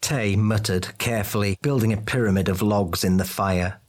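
A man narrating a fantasy audiobook in a steady, even way. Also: lowish voice, moderate pace.

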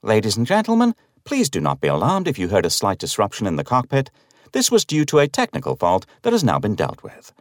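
A man's voice: on the low side, wildly swooping pitch, fairly quick, no room sound, clean studio sound. A man voicing a female cabin crew member who makes a formal, reassuring announcement.

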